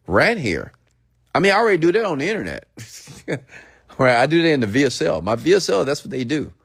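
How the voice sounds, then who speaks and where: A man's voice: mid-range voice, no room sound, studio quality. A man hosting an unscripted livestream rant, talking casually and checking in with "okay?" and "get it?". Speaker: online marketing host.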